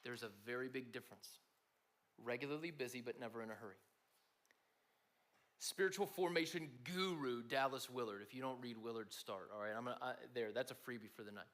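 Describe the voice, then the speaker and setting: A man's voice: mid-range voice, fast, hardly any pauses, a bit bright. A man giving a conversational sermon to a room of students, talking to them directly. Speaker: speaker at a student gathering.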